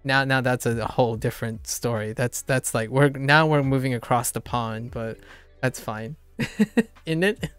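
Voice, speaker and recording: A man's voice: medium pitch, fairly even intonation, moderate pace, fairly bright tone, smooth, soft background music. Playful man with a slight Southern accent. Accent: slight Southern American. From Southern United States. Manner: playful, laughs often, rambling and musing. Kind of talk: casual chat.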